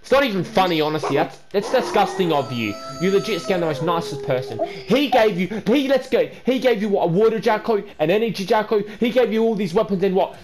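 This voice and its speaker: A man hosting a gameplay video, stammering and repeating words, then scolding another player loudly. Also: sits high, expressive, brisk, few pauses. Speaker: gaming channel host. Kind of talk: casual gameplay chat.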